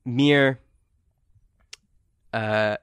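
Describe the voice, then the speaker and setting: A man narrating as game master in a tabletop game, animated and often laughing. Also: mid-range voice, extremely slow, clean tone, no room sound.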